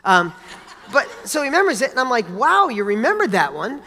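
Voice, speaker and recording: Male motivational speaker, bright and forceful delivery, casual and blunt with a bit of swearing, recorded in a reverberant hall. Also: extremely high pitch, big pitch swings, fairly quick. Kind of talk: motivational talk with personal stories.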